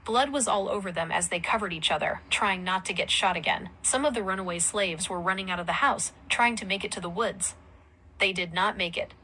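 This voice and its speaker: Bright-voiced woman reading a story. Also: mid-range voice, brisk, a little hiss or hum, low-quality recording. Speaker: narrator.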